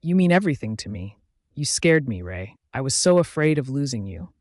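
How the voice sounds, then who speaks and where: A man's voice: mid-range voice, very animated, brisk, a little mellow, dry recording, studio quality, natural voice. A man voicing a remorseful alpha werewolf. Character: remorseful young male alpha werewolf lover.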